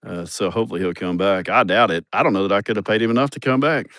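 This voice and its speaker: A man talks into his phone outdoors at a building site, rambling and salty, laughing at his own stories. His voice sits on the low side, and the sound is dry and close with no room around it. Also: quick pace, a bit bright, no echo. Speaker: vlogger showing a building project. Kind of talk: casual livestream chat.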